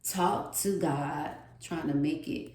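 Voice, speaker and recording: A woman giving a spiritual tarot reading, with a slow, repetitive, earnest delivery. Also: deep voice, darkish tone. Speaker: tarot reader. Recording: echoey room, distant mic.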